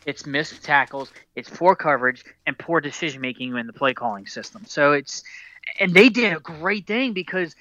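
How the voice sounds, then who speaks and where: Bright, tense man rambling about football. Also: a little high, lively intonation, moderate pace. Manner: rambling, restarts often, says "dude". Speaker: sports podcast host. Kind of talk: casual sports talk. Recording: dull lo-fi dry recording.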